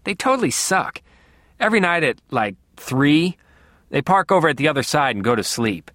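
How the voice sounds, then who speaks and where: A gawky young nerd, sulky and slangy, whose voice jumps higher whenever he gets worked up, as a male reader puts him on. The reading is lively and swoops around, in a dry, close recording. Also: moderate pace, dry recording. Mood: mocking. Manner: mumbling, slangy, excitable.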